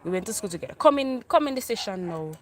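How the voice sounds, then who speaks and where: A woman with a Grenadian accent telling an animated storytime tale for her vlog, repeating herself in island dialect. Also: medium pitch, fast. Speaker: vlogger.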